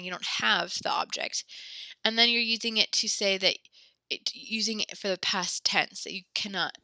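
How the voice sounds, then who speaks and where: A woman's voice: mid-range voice, sharp tone, no echo. A woman teaching a French class, patiently explaining grammar step by step and giving encouraging feedback.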